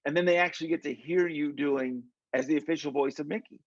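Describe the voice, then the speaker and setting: Gravelly podcast host man. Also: fairly high pitch, steady tone, fast, no room sound, lo-fi sound. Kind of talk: casual interview chat.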